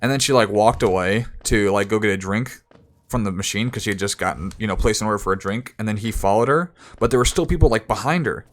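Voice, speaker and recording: A man's voice: lowish voice, fast talker. A young man streaming, telling a story in casual, rambling talk full of restarts, sometimes acting out other people in raised voices.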